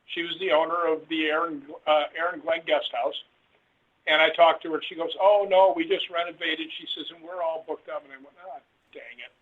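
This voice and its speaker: A man on a tinny phone line tells a rambling story with lively quoted dialogue. His voice is husky and sits a little high. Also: brisk. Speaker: guest author. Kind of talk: casual storytelling interview. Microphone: phone call.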